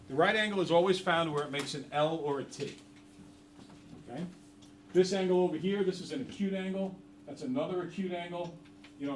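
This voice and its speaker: A middle-aged man teaching a math class, chatty and jokey, quizzing the students. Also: a little high. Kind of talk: classroom lesson. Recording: roomy, from far off.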